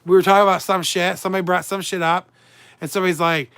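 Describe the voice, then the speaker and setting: A man's voice: sits high, little pitch movement, fast talker, fairly bright tone, clear, resonant tone, no room sound. A man hosting a casual livestream, chatty and emotional, swinging between moods as he reads and answers his viewers' comments. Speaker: livestream host.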